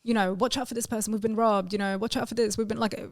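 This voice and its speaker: A woman's voice: fairly high pitch, steady tone, no room sound, clean studio sound. A woman co-hosting a podcast in casual chat, telling stories emphatically and swearing. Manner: fast, emphatic, swearing storyteller. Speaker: podcast co-host.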